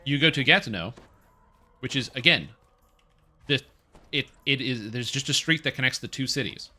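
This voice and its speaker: A chatty Canadian man streams a game from home, talking into a desk mic. His voice is strikingly bright and sharp. He rambles along with plenty of fillers and restarts, at a middling pitch. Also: normal speed. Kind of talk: casual gaming stream chat.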